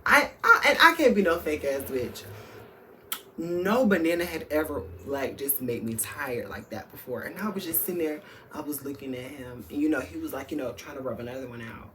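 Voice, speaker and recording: A campy, sassy man spilling a frank storytime to his viewers, full of slang and cheeky asides. His voice sits fairly high for a man and swings between loud bursts and hushed, confiding stretches. There is a faint hiss under the recording. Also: expressive, normal speed. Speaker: storytime vlogger. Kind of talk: candid storytime chat.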